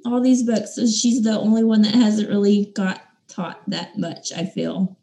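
Mellow-voiced woman gushing over a book. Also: mid-range voice, a little slow, reverberant. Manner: gushing, retells scenes with playful quoted voices. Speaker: book podcast co-host. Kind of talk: casual book discussion.

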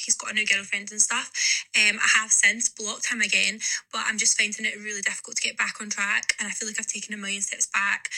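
A Scottish woman leaving an earnest, soft-spoken voice message for a podcast. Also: mid-range voice, low-quality recording. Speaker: listener sending a voice note. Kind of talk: recorded voice message. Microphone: phone voice note.

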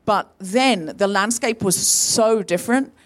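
Woman co-host, live comedy podcast storyteller, animated, does the voices in her anecdotes. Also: medium pitch, unhurried. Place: live venue stage.

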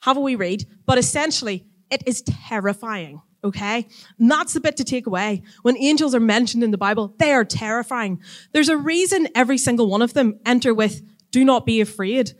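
A woman teaching a church audience in a casual, chatty sermon, lively and quick to act out voices when retelling stories. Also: fairly high pitch.

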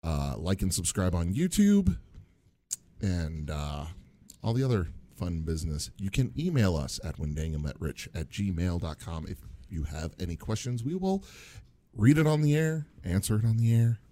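A man with a very deep, dark voice hosts a podcast in an easy, laid-back way. His pitch moves a lot, and the sound is dry and close. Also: very animated, moderate pace, no echo. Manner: laid-back, brief reactions. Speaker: podcast co-host. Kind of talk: casual podcast chat.

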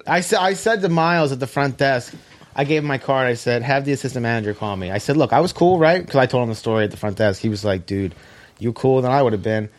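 A man chatting casually on a podcast, telling an animated, profane story and acting out quoted phone calls in a flatter, lower voice. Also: quick pace. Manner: animated storytelling, self-described hothead, profane. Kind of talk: casual chat.

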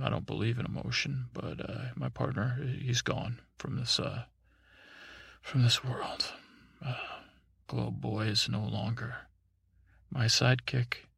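Give me a man playing a mellow, mumbling superhero with a gravelly voice for a bedtime story. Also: dry recording, studio quality, exaggerated voice. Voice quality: mumbling, low-key. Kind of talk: sleepy bedtime story role-play.

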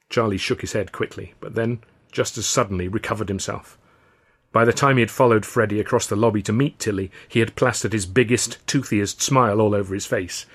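Brief: male novelist reading his book, husky and dry-witted. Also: on the low side, fairly even intonation, brisk. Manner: wry storyteller's delivery. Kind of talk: scripted narration.

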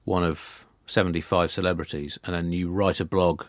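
A man guesting on a comedy news podcast, telling absurd made-up stories in a deadpan, rambling way. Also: low-pitched, normal speed, dry recording, clean studio sound. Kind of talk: deadpan satirical comedy chat.

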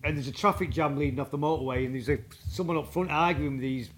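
A man, a guest drummer telling rambling, halting anecdotes in a casual interview. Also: a little high, slight background noise. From England.

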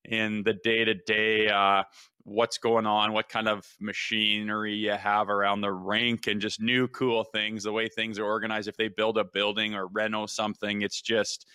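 A man co-hosting a sports show, a former pro player telling stories in a relaxed, casual way. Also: on the low side, normal speed, clean tone, no room sound, studio quality. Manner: laid-back, storytelling, frequent "man" and "hey".

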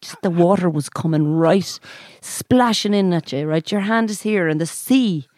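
A woman's voice: lowish voice, moderate pace, darkish tone, no echo, studio quality. A woman with an Irish accent telling a rambling story in casual chat, full of "like" and "so anyway".

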